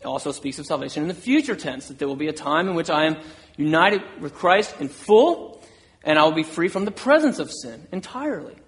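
A man's voice: on the high side, lively intonation, fairly quick, a bit bright. A man preaching a sermon, earnest, voicing an apostle's words with rising intensity. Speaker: pastor.

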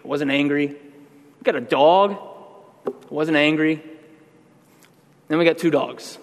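A man's voice: a little high, measured pace, creaky, long pauses. Man preaching a conversational sermon in a reverberant church. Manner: conversational preaching, building to emphatic outbursts. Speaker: pastor.

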